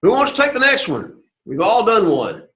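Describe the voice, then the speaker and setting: A man's voice: high voice, wildly swooping pitch, moderate pace, sharp tone. Patient man teaching Greek class, lo-fi. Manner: patient, checks in with "okay?" and "all right?". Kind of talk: classroom lecture.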